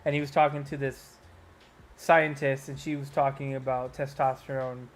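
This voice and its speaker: A man in his thirties co-hosting a podcast, telling stories in casual chat, animated and swearing freely. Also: medium pitch, moderate pace. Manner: animated storyteller, swears a lot. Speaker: podcast co-host.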